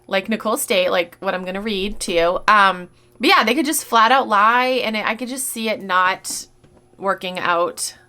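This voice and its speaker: A woman's voice: mid-range voice, moderate pace, bright, forceful tone. A woman vlogger who resells goods, talking casually and bluntly, swearing freely and sounding exasperated. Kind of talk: casual rant commentary.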